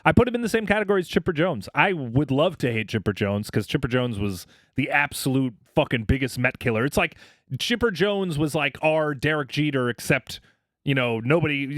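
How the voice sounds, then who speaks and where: Dude on a podcast going off about baseball, swears constantly, pitch jumps all over, dry mic. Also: male voice, fairly quick, dry recording. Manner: animated, profane sports talk. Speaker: podcast co-host. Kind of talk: casual chat.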